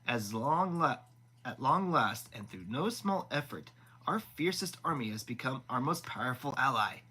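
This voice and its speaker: A man's voice: medium pitch, lively intonation, moderate pace, sharp tone, slightly rough, low-quality recording. A man voicing a smug, boastful elder prince in a live audiobook reading, talking pompously. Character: smug proud elder prince, male adult.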